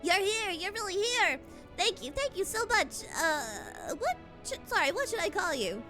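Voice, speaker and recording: A woman voicing an excitable, nerdy little rabbit creature as she reads game dialogue aloud, gushing and chirpy. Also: very high-pitched, moderate pace, soft background music, voice pushed up, full character voice. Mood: eager.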